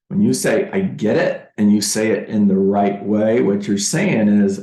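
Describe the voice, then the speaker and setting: A man giving a motivational sales training talk as a real estate coach, deliberate and emphatic, repeating key phrases. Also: fairly low pitch, dark tone, echoey room, rough recording.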